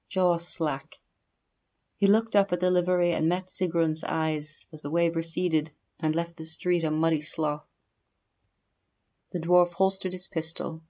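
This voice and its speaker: A woman reading a fantasy story aloud as an audiobook narrator, in a measured storytelling delivery. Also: low voice, lo-fi sound.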